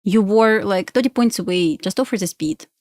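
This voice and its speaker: A woman's voice: medium pitch, moderate pace, a little mellow, no room sound, studio quality. Chatty woman with a Russian accent. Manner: chatty, pleads with the chart, laughs often. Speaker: live day-trading streamer. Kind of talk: casual live-stream chat.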